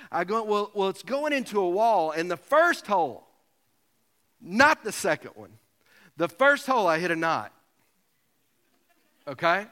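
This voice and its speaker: A pastor preaching a sermon, telling a self-mocking story with humor. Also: male voice, high voice, pushed and bright. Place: church sanctuary. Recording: long hall reverb.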